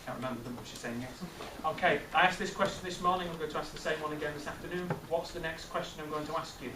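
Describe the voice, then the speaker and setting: Male teacher, middle-aged, lively and questioning; distant mic, roomy echo. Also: on the high side, fast talker. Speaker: teacher leading a maths master class. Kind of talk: classroom teaching with questions to pupils. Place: classroom. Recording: echoey classroom from far off, noisy.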